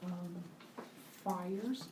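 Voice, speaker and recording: An eager, jittery messenger god stammers and hesitates, pitched noticeably higher than a normal voice, as a man puts him on. The sound is distant and roomy, with faint classroom noise behind it. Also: very slow, warm tone. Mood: nervous. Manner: hesitant, says um a lot. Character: eager male messenger god, nervous sidekick. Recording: echoey classroom, far from the mic.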